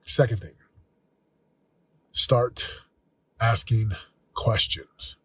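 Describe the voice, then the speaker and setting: A man in his forties, hosting a motivational talk, speaking earnestly and candidly with a slightly husky voice. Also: fairly low pitch, extremely slow, a bit bright. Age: 40s. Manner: earnest, candid, with self-quoting asides. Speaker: podcast host.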